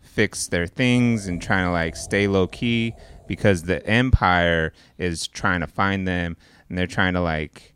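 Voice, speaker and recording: A man's voice: low voice, takes it slowly, a bit bright, smooth, dry recording. A man co-hosting a podcast, casually retelling a movie plot in a rambling, profane way, full of "like" and "uh" and acted-out lines. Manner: rambling and profane, heavy on "like" and "uh", acts out characters' lines. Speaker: podcast co-host.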